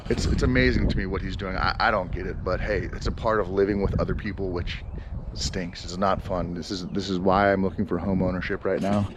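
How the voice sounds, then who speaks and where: A man's voice: low-pitched, fairly even intonation, a little fast, noisy background. Rambling, exasperated man outdoors. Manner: rambling and exasperated, many fillers and restarts. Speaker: vlogger. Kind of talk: casual outdoor vlog. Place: outdoors in a yard.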